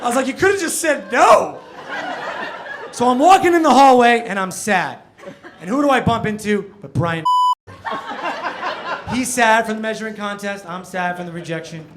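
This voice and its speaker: A man around forty, originally from New Jersey, works a comedy club stage with a bright, high voice that swings widely up and down. He tells his story animatedly and jumps to loud punchlines. The sound is roomy and carries noise behind it. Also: expressive, normal speed. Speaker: stand-up comedian. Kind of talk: stand-up comedy set.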